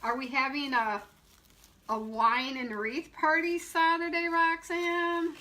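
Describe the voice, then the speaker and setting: Chatty woman, bright, demonstrating a wreath. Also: sits high, flat delivery, slow pace, low-quality recording. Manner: chatty, laughs often, greets viewers by name. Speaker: wreath shop owner teaching a class. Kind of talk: live-streamed craft demo, chatting with viewers.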